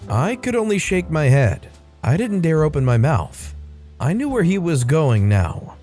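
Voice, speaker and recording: A man's voice: a little high, sing-song, measured pace, warm tone, faint music behind. A man narrating online stories aloud in a wry, conversational way. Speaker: storytime narrator.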